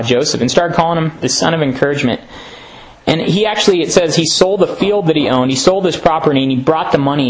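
Young male preacher with a slightly high voice, earnest and conversational, laughing now and then. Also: rough recording. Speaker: pastor at a men's retreat. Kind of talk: sermon talk.

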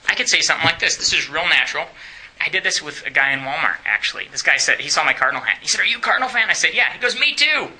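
Bright-voiced man teaching a class. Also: on the high side, expressive, rapid-fire, low-quality recording. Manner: chatty, asks the class questions, laughs often. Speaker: church teacher.

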